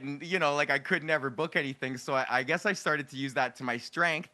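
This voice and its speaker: A comedian from Edmonton with an Alberta accent, chatting upbeat in a TV interview with lots of "you know" fillers. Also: male voice, on the high side, fast talker, few pauses, sharp tone. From Edmonton, Alberta, Canada. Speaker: stand-up comedian, guest. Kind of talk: casual TV interview.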